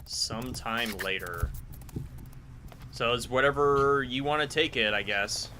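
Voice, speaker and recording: Sarcastic gamer guy, bright voice, swears a lot, mocking the story. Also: mid-range voice, measured pace, a little hiss or hum. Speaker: video game commentator. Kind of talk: sarcastic commentary over gameplay.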